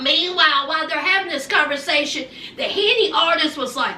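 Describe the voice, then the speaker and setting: A woman recapping a reality show in a sassy, animated way, acting out the people she quotes. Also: high voice, moderate pace, hardly any pauses. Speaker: recap vlogger. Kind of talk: casual TV recap chat. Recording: echoey room, mic at a distance.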